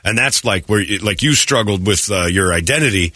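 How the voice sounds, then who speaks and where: A quick-talking male radio host with a bright, slightly husky voice and lively swings in pitch. He jokes and teases in loose, casual chat, with a dry, close studio sound. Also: no room sound. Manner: joking, teasing, quick. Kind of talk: casual morning radio talk.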